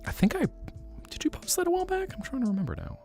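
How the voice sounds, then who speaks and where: A man's voice: extremely high pitch, very animated, fast talker, darkish tone, soft background music. A man streaming as a VTuber, chatting casually with his live chat in a playful, teasing way with joking mock denials.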